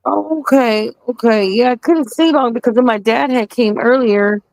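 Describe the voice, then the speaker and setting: A woman's voice: a little high, normal speed, vocal fry, a little mellow, no room sound, low-quality recording. A woman joining a casual group chat who talks cheerfully and laughs often. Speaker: chat participant.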